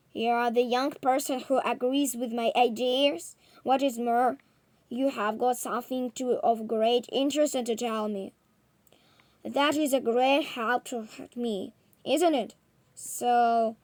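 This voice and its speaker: A woman's voice: a little high, fairly even intonation, slow, darkish tone, dry recording. Woman reading as a roaring angry professor. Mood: mocking. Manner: roaring, bullying, mocking. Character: loud, short-tempered old male professor.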